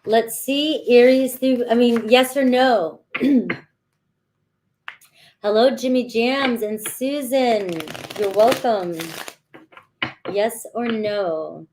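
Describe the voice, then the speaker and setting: A woman's voice: a little high, slow, pauses often, a little mellow, a little hiss or hum. Chatty woman giving a tarot reading. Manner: chatty, often says "all right", talks directly to viewers. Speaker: tarot reader. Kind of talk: casual live tarot reading.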